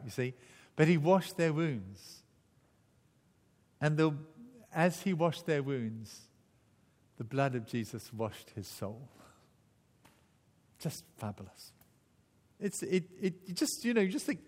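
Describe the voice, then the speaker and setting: A man preaching a sermon, telling the story vividly and acting out the voices. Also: on the high side. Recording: echoey hall.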